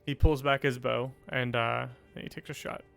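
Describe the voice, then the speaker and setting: A man's voice: medium pitch, fairly even intonation, normal speed, vocal fry, a bit bright, clear, resonant tone, soft background music. A man narrating a tabletop role-playing game as game master, in a loose, casual way. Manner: casual, many fillers.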